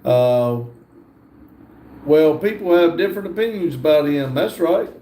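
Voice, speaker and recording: An older man hosting a livestream, reading viewer comments aloud and answering in a relaxed, casual way. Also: a little high, reverberant. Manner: slow, laid-back reading of comments aloud. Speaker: livestream host reading chat.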